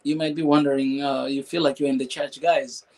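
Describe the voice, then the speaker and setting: A man's voice: mid-range voice, little pitch movement, fairly quick, background noise. A man hosting a live stream, talking emotionally in a preachy way, repeating phrases and asking rhetorical questions. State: emotional, voice breaking at times.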